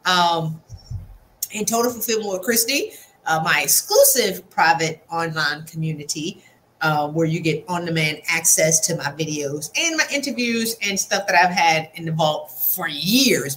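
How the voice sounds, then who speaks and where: A woman's voice: on the low side, measured pace, a little hiss or hum. Chatty, slangy woman hosting a podcast. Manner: chatty, animated, laughs often, slangy asides. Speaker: podcast host. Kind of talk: casual interview chat.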